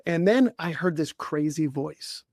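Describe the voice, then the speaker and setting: A man who coaches leaders and co-hosts a podcast. He tells a personal story in conversation, in a halting way with many restarts and frequent throat-clearing. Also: fairly high pitch, expressive, a little mellow, no echo, studio quality.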